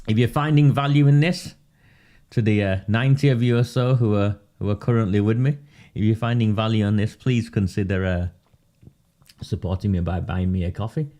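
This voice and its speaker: A man talks straight to his live viewers in a low-pitched voice. His delivery is sarcastic and mocking, and it keeps slipping into laughter. The tone is mellow and warm rather than bright. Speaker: livestream commentator on local politics. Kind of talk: casual live commentary.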